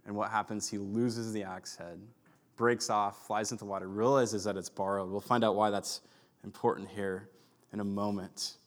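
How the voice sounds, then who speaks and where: A man's voice: fairly low pitch, steady tone, normal speed. Chatty storytelling male pastor. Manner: chatty storyteller, heavy use of "like". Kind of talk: sermon with personal storytelling.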